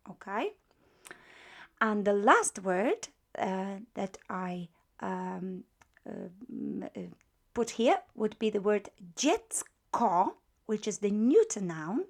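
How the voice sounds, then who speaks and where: Slow-talking woman teaching a grammar lesson. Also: medium pitch, expressive, vocal fry, darkish tone. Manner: slow, patient, repeats words to drill them. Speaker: language teacher.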